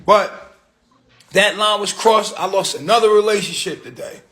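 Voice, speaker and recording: A man's voice: high-pitched, normal speed, bright, forceful tone. A man hosting a livestream, telling a story in a heated, profane rant full of street slang. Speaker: livestream host.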